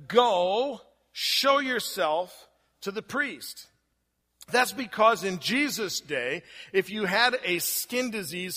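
A male pastor with a high, bright voice delivers a sermon in a reverberant hall. His preaching is conversational and sprinkled with rhetorical questions.

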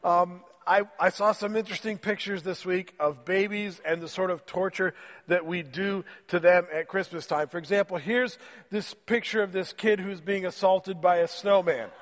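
A man's voice: high voice, steady tone, moderate pace, big-room sound. A man preaching a sermon in church while fighting a cold, in a joking, conversational way. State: has a cold, voice lowered. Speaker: pastor. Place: church sanctuary.

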